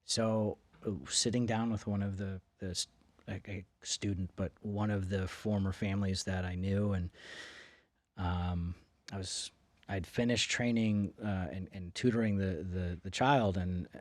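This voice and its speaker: Low-voiced man telling a rambling story. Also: fairly even intonation, measured pace, no room sound. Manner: rambling, with many fillers and restarts. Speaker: guest. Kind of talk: casual storytelling. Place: studio in Boca.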